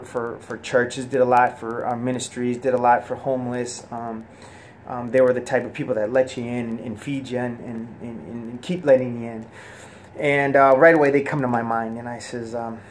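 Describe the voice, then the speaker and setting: A man telling his personal religious testimony in an earnest, soft-spoken way, halting often with fillers and restarts. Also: mid-range voice, a little hiss or hum.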